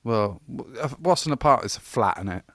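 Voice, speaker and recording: A man's voice: on the low side, animated, a little fast, fairly bright tone, no room sound. A British man, co-hosting a casual podcast, teasing his friend with dry, sweary humour. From Britain. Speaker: podcast co-host. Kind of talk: casual banter.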